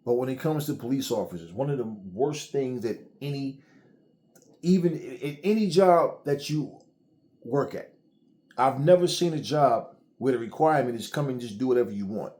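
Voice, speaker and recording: A man's voice: mid-range voice, moderate pace, darkish tone. A middle-aged man giving heated solo commentary, blunt and swearing freely as he vents. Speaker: channel host.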